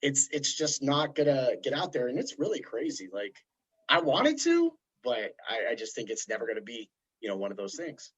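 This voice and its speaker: A man hosting a podcast, chatting casually in a rambling, animated way. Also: mid-range voice, normal speed, breathy edge. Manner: rambling, animated storytelling with put-on voices. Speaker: podcast host. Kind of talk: casual chat. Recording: dull lo-fi sound.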